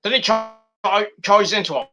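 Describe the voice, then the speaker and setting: A man casually recapping a wrestling show in a vlog, animated and swearing freely as he acts out what people said. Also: high-pitched, moderate pace.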